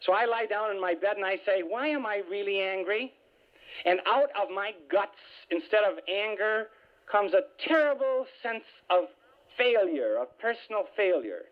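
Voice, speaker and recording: A man giving a humorous spiritual talk, telling stories lively with self-mocking asides. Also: high voice, normal speed. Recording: tinny phone-like radio sound.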